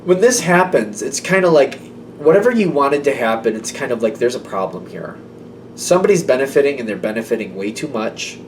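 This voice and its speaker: A man's voice: mid-range voice, very animated, fairly quick, far from the mic, a little hiss or hum. A man giving a casual tarot reading to camera. He talks in a loose, intuitive way, full of "like" and "um". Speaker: tarot reader.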